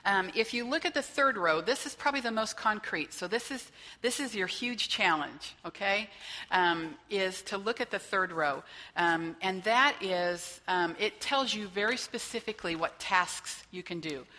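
A woman's voice: medium pitch, normal speed, sharp tone, in a large hall. A woman trainer leading a faith-based teaching session, talking conversationally and checking in with her listeners as she goes. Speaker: workshop trainer.

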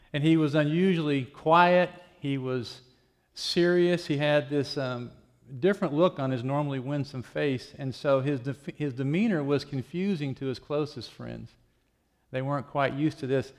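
A male pastor preaching in a relaxed, conversational way, retelling a passage as if chatting with a friend. His voice sits at a middling pitch, and he restarts his phrases often as he feels his way through the story. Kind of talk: sermon. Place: office.

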